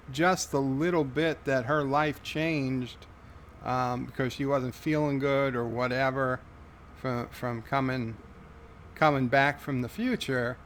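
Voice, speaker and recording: A man hosting a livestream, reading viewer comments aloud in a halting, wry way. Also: mid-range voice, fairly bright tone, a little hiss or hum. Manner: halting, many fillers and restarts, wry. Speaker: livestream host.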